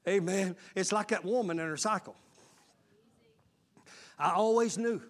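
A man, preaching a sermon as lead pastor, calling out to his congregation and breaking into shouts. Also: high-pitched, measured pace.

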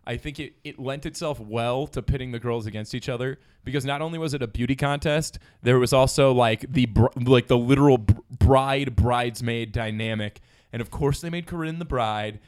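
A young man hosting a comedy podcast, jokey and excitable, rambling through restarts. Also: medium pitch, normal speed, clean tone. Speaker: podcast host. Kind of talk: casual comedic chat. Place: podcast studio.

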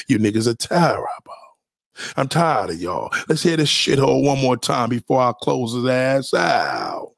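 Gravelly man ranting hard. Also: medium pitch, sing-song, moderate pace, no room sound, studio quality. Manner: profane, confrontational, preachy. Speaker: commentator reacting to a clip. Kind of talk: heated reaction rant.

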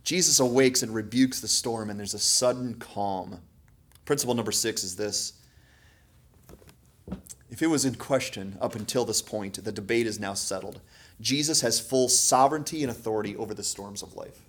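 A man preaching a sermon as pastor, moving between hushed, quiet lines and loud, emphatic ones. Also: on the low side, moderate pace, slight background noise. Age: adult parent.

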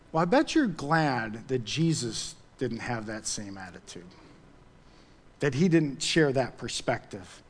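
A man preaching a sermon as pastor, pressing his points by repeating them, then praying softly. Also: very animated, a little slow. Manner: emphatic, repeats key phrases; drops to a soft low voice for prayer.

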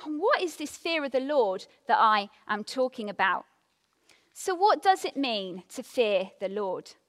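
A woman giving a devotional talk, reading scripture and telling a personal story with expressive emphasis. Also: a little high, in a large hall. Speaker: devotional speaker.

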